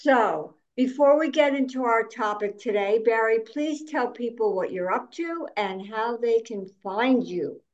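Woman coach hosting a podcast, slow speech, dull lo-fi recording. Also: on the high side. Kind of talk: casual podcast chat. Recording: dull lo-fi sound.

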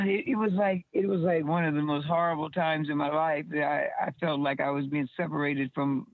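A woman's voice: deep voice, level tone, moderate pace, no room sound. A woman telling stories as an interview guest, rambling and restarting her words over a phone line. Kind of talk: casual storytelling. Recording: tinny dry phone line.

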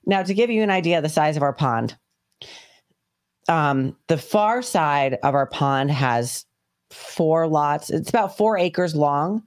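A woman co-hosting a podcast, telling a story in casual chat, animated and swearing freely. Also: low voice, a little slow. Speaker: podcast co-host.

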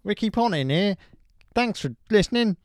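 A man's voice: sits high, animated, normal speed, no room sound, studio quality, pitched above the performer's own voice. A man putting on an over-the-top Queensland Australian accent as a brash male cricketer, rambling and boisterous.

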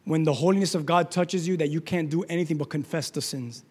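A man preaching a sermon, shouting at times and then dropping to a hushed, low delivery. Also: quick pace, slightly rough. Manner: shouting, dramatic swings from loud to hushed. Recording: long reverb of a large hall.

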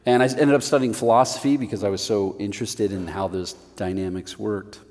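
A middle-aged male preacher telling a personal story in a sermon, animated and self-mocking. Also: fairly low pitch, brisk. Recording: long reverb of a large hall.

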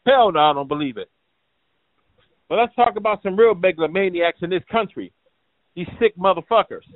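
A man with a fairly high voice rants and curses in a combative, rambling way. The sound is tinny and phone-like, and dry with no room around it. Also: no room sound. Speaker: show host. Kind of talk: ranting commentary.

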